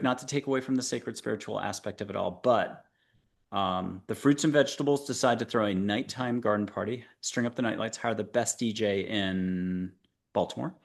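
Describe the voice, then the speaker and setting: A man's voice: mid-range voice, gravelly. Playful man hosting a spiritual show. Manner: playful, jokey, coaxing guide. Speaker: show host. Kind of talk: guided meditation talk show.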